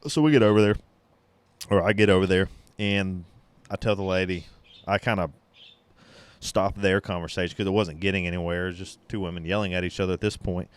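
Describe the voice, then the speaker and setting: A man's voice: sits low, fairly even intonation, fairly quick, clean tone. A man hosting a podcast, telling a story in a blunt, rambling way with plenty of swearing. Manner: sips beer while talking. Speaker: podcast host. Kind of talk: casual storytelling.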